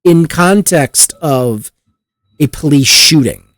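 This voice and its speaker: A man's voice: fairly high pitch, lively intonation, slow pace, dry recording, clean studio sound. A man hosting a podcast, ranting in exasperated, profanity-laced commentary on the news. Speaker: podcast host.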